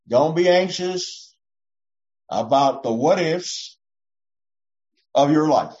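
A woman pastor delivers a conversational, reassuring sermon and slips into short voices to make her points. Her pitch rises and falls with lively range. The recording sounds dull and lo-fi. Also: slow pace, pauses often. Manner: warm, reassuring, often acts out voices.

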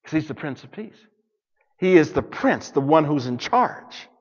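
A man preaching a sermon to a congregation, dramatic, swinging from loud declarations to hushed near-whispers. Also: a little high, big pitch swings, moderate pace, big-room sound, lo-fi sound. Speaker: pastor.

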